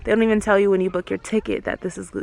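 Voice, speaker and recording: A woman's voice: mid-range voice, little pitch movement, racing, gravelly, a little mellow. A young woman in her twenties telling a travel story in a casual, chatty way, full of fillers and asides. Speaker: travel vlogger. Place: outdoors in the desert. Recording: noisy outdoor camera audio.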